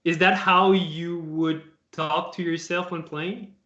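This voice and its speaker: A man's voice: on the high side, little pitch movement, slow. A man interviewing as a performance coach, asking questions hesitantly with many small restarts. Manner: soft backchannel, hesitant question phrasing. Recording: echoey, muffled room sound.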